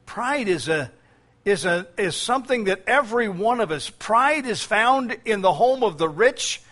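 A man's voice: high-pitched, animated, measured pace, fairly bright tone. A man preaching a sermon as pastor, with frequent fillers and key phrases repeated.

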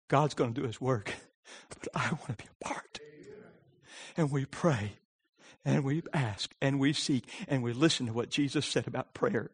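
A man preaching a sermon, swinging from shouted pleading to hushed storytelling. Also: medium pitch, moderate pace, pauses often, breathy edge. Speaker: pastor.

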